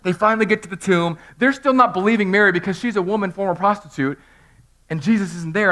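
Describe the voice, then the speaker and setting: A man in his thirties preaching an animated Easter sermon in a church, telling the story with humor and acting out voices. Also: high-pitched, fast talker. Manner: storytelling, acts out characters in funny voices. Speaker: pastor. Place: church sanctuary.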